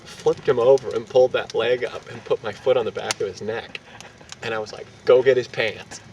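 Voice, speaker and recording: A young man telling a rowdy anecdote in casual, profane, animated fashion, laughing between lines. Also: medium pitch, brisk. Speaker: storyteller. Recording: distant mic with street and traffic noise.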